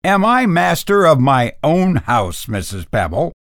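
An imperious young master of a house, voiced by a man reading a story, gives stern, indignant commands. His voice swings widely in pitch, and the sound is close and dry. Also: very animated, measured pace, fairly bright tone, no echo, exaggerated voice.

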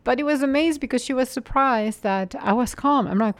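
A woman giving a calm, reflective spiritual monologue, unhurried and sometimes dropping into a soft whisper, with light laughs as she tells stories. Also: high-pitched, no echo. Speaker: mindfulness speaker.

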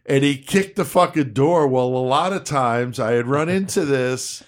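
A man's voice: mid-range voice, a little slow. Profane man telling a wild story. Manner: profane, animated, acts out quotes. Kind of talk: casual storytelling.

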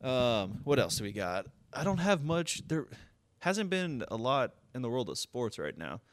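A man's voice: medium pitch, very animated, measured pace, no echo. A young man co-hosting a casual sports podcast, swearing freely, laughing often and breaking into incredulous rants. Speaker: podcast co-host.

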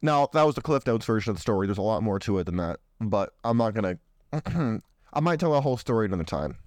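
A man's voice: lowish voice, big pitch swings, quick pace, darkish tone, no room sound, clean studio sound. A young man hosting a show, giving blunt, provocative commentary while reading a dating list aloud. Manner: blunt, provocative, slips into mocking voices for others. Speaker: podcast host.

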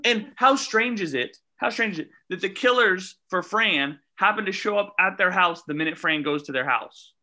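Bright-voiced man reviewing a movie. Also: high-pitched, moderate pace, hardly any pauses. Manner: animated, incredulous questioning. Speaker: podcast co-host. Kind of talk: casual movie review chat.

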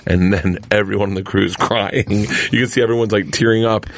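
A man telling an animated story as a podcast guest. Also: lowish voice, fairly quick, no room sound. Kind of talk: casual podcast chat.

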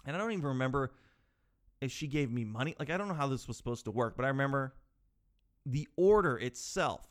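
Animated man telling comic stories. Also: mid-range voice, brisk. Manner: animated, swings between loud yelling and mumbled asides. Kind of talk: comedic storytelling.

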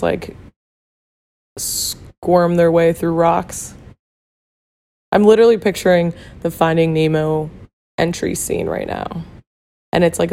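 A woman hosts a laid-back solo podcast in a hoarse, gravelly voice, rough from having lost it. Her pitch sits slightly low. She chats candidly, swears freely and leans on filler words. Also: mellow. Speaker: podcast host. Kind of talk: casual solo podcast talk.

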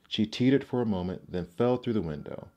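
A man narrating fairy tales aloud in a measured, gentle manner. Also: lowish voice, lively intonation. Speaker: storyteller. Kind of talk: storybook narration.

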